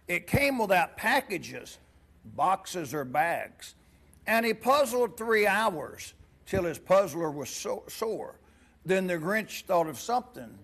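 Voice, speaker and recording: A man's voice: fairly high pitch, gravelly, a bit bright, husky. A man serving as pastor gives a playful children's sermon in a church. He asks the kids many questions and reads a storybook aloud. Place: church sanctuary.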